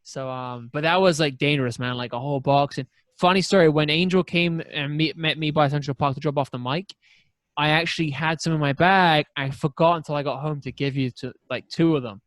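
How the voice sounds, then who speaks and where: A man telling rambling stories on a casual podcast, animated, tossing in squeaky impressions. His voice sits a little high, and the sound is dry and close with no room around it. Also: a little fast, no room sound. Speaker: podcast co-host. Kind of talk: casual chat.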